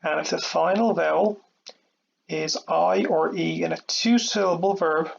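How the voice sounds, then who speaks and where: Patient teacher with a gravelly, flat voice. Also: male voice, a little high, dull audio, slight background noise. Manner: patient, repeats "okay" and "all right" often. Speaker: Irish language teacher. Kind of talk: explaining a grammar lesson step by step.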